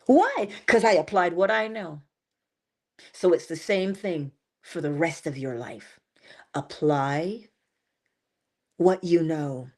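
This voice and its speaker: A woman hosting an inspirational livestream, talking in a playful, animated way with sudden high exclamations and soft asides. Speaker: livestream host.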